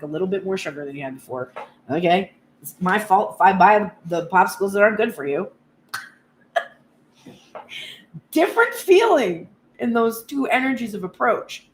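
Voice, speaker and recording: A woman giving a casual spoken tarot reading, animated and blunt, swearing freely and acting out pleading voices. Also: medium pitch, a little hiss or hum. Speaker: tarot reader.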